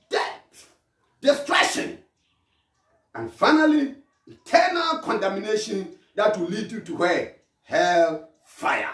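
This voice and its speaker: A man preaching an impassioned sermon, repeating his phrases and shouting calls to repent. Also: high-pitched, lively intonation, slow, long pauses. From Ghana. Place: church hall. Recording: echoey hall from far off.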